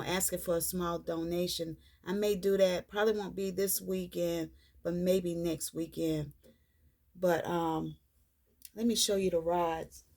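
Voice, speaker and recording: A woman reads oracle cards for her viewers in an unhurried, drawn-out way, leaning on the same reassuring phrases again and again. Her voice has a gravelly, creaky edge, and her pitch sits in an ordinary middle range. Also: darkish tone. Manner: slow, repetitive, reassuring delivery. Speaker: spiritual card reader. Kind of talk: tarot-style card reading vlog.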